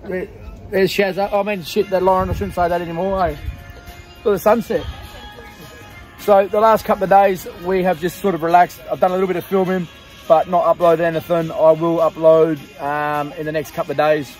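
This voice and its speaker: A man's voice: high voice, little pitch movement, normal speed, a little mellow, soft background music. An Australian man in his thirties, filming a casual campsite vlog with mates, teasing and laughing a lot. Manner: jokey, teasing, laughs often. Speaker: vlogger. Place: campsite outdoors at night.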